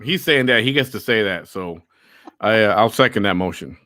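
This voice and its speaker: A man's voice: lowish voice, animated, normal speed, sharp tone, no echo, studio quality. A man hosting a live chat show, reading viewer comments aloud in an easygoing way. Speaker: host.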